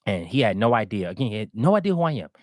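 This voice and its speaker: A man's voice: lowish voice, racing, dry recording, studio quality. A man casually telling a long anecdote as a guest, acting out the voices of the people in it. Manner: animated, acts out quoted voices. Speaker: guest storyteller.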